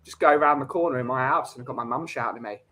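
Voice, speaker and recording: A man's voice: medium pitch, very fast, bright, forceful tone, slight background noise. A man from the UK, a podcast regular, chatting casually with dry, joking asides. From United Kingdom. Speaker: podcast co-host. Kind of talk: casual chat.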